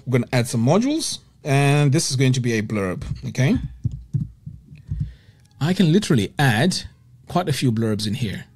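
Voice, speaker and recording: A man teaching web design as he walks through a screen-share software tutorial, explaining each step and checking in with "okay?" often. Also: medium pitch, husky.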